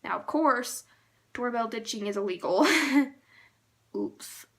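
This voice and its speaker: Young female vlogger, slightly high voice, chatty and rambling storyteller, casual storytime delivery. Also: slow pace. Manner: rambling and excitable, with fillers.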